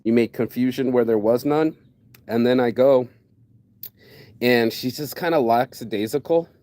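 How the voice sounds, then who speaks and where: Male vlogger with an animated, profane storytelling delivery, voicing every side of the exchange himself. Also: medium pitch, normal speed, no echo. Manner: animated, acts out both sides of conversations, swears. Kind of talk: casual storytelling rant.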